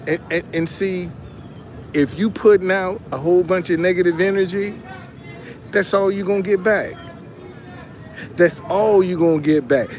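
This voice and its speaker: A man talks to his viewers in a loose, preachy way, repeating lines for emphasis and restarting mid-sentence. His voice sits a little high. Faint street noise from passing vehicles runs under the talk. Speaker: online commentator. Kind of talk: casual motivational livestream talk.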